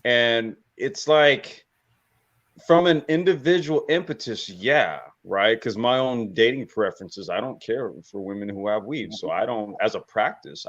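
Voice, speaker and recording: A man who is a guest on a casual panel chat, talking in an animated, profane way and repeating himself. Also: fairly low pitch. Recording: lo-fi remote audio.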